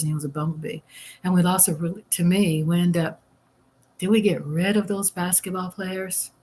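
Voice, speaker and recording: A middle-aged woman, chatting casually on a live stream, reading viewer comments aloud and eating as she talks. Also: fairly low pitch. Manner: chatty and exclamatory, eating while talking. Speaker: livestream host.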